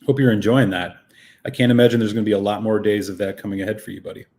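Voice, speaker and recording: A man's voice: fairly low pitch, fairly even intonation, racing, a little mellow. A man hosting a live whisky stream, chatting casually and greeting viewers by name, a little out of breath after a run.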